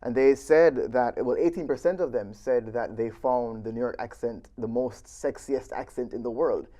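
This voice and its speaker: A man's voice: medium pitch, moderate pace, mellow. A man hosting a radio interview, asking questions conversationally. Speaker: interviewer, student radio host.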